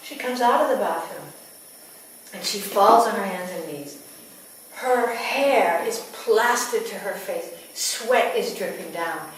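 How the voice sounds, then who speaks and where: A woman midwife recounts a birth story in an unhurried, hushed voice that often falls almost to a whisper. Her delivery is very slow and deliberate. The recording is taken from a distance in a strongly echoing room, with clear background ambience. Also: medium pitch, lively intonation. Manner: slow, intimate, dropping to near whispers. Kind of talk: storytelling to a live audience. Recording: echoey room, distant mic, ambient noise.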